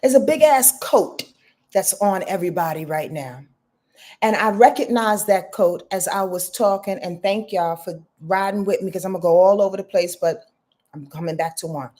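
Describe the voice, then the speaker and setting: A woman in her fifties, an astrologer hosting a live reading, talking in a rambling, heartfelt, expressive way. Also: on the low side, normal speed. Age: 50s. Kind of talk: casual live talk.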